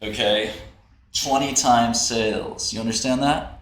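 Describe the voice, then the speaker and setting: A man's voice: mid-range voice, fairly even intonation, a little slow, a bit bright, slight background noise. A man hosting a casual livestream, ranting in a brash, profane, mocking way. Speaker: livestream host. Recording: roomy echo, faint typing.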